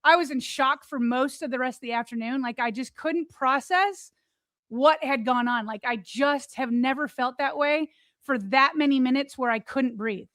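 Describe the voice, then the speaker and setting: A woman's voice: high-pitched, moderate pace, no echo. A woman co-hosting a podcast, retelling a personal story in a loose chat full of fillers and quoted thoughts. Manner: animated retelling, many "like" fillers.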